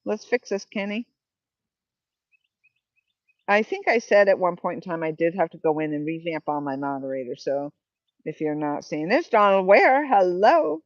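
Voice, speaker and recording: A woman's voice: low voice, normal speed, pauses often, no room sound, lo-fi sound. A woman from New Hampshire hosting a live stream outdoors, chatting casually and reading viewer comments aloud. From New Hampshire, New England. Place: outdoors by the water. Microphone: Bluetooth headset.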